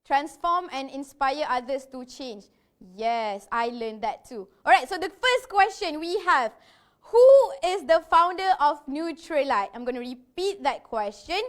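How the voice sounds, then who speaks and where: A woman's voice: high-pitched, lively intonation, unhurried, a bit bright. A woman hosting an online training event, reading out quiz questions in a chatty, breathless way and repeating herself. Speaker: event host running quizzes.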